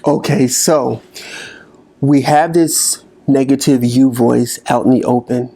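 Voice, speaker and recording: A man speaking as a motivational speaker, slowly coaching listeners through a guided exercise. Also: mid-range voice, steady tone, vocal fry, dark tone, breathy edge. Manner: slow, coaching delivery with long pauses.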